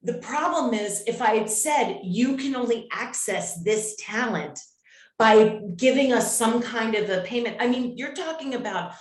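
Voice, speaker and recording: A woman in a casual group discussion, talking in animated, ranting bursts. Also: a little high, measured pace, echoey room.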